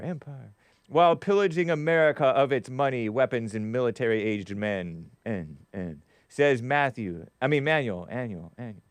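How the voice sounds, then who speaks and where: A man's voice: mid-range voice, expressive, moderate pace, no echo. A man hosting a live talk stream, reading viewer chats with a wry tone and frequent laughs. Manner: wry, laughs often, trails off and restarts. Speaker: show host.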